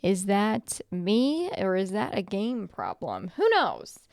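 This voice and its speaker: A woman's voice: medium pitch, huge pitch swings, takes it slowly, gravelly, a little mellow, no room sound, studio quality. A young adult woman streamer giving casual, chatty gameplay commentary, swearing freely and talking to her chat.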